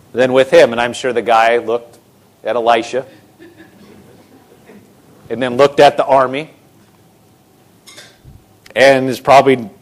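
Guy preaching, kinda high voice, acts out the story lines all casual. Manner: retells scripture in casual voices, animated. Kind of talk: sermon.

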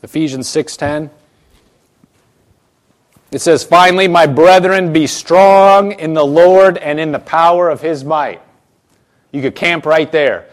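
A pastor with a high voice preaches a sermon from the pulpit at normal speed. He is emphatic, repeating phrases and circling back with restarts as he drives each point home.

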